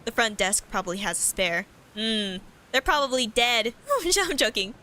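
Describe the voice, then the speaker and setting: A woman's voice: a little high, animated, normal speed, pushed and bright. A woman streamer reading a horror visual novel aloud in different voices, with joking asides. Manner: reads all characters aloud, joking asides. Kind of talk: let's-play reading with commentary.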